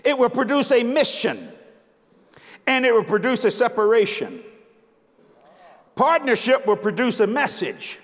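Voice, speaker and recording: Older male preacher, very high voice, emphatic and jokey, bursts of shouting, long hall echo. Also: big pitch swings, measured pace, long pauses. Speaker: visiting preacher. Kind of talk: sermon.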